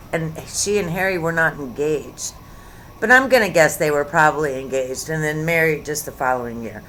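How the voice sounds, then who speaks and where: Low voiced 50s lady vlogging from home, chatty and snarky, bit of background hum. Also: fairly bright tone. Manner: chatty, sarcastic, digressive. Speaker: YouTube commentary host. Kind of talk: casual rambling commentary to camera.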